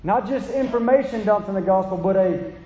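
A man's voice: sits high, a little fast, mellow, slight background noise. A man preaching a sermon with passion, pleading with listeners and acting out quotes. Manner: impassioned, pleading, acts out quotes. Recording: echoey hall.

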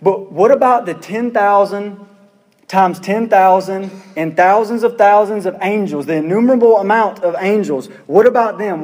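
A man's voice: high-pitched, darkish tone, big-room sound. A man preaching a sermon as pastor, earnest and full of rhetorical questions, repeating his phrases for emphasis.

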